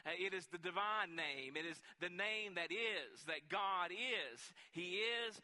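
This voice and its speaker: A man's voice: sits high, expressive, a little slow, pushed and bright, long reverb tail. A man preaching a sermon, teaching in a conversational way with frequent restarts and questions to the congregation. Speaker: pastor.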